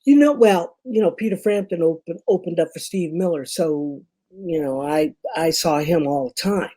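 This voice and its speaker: An older woman with a Memphis Southern drawl tells stories in a chatty, rambling way, full of asides and "you know"s. Her voice sits low for a woman and sounds mellow and relaxed. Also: moderate pace. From Memphis, Tennessee. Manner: chatty storyteller, many fillers and asides. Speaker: guest, performer. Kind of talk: casual conversation.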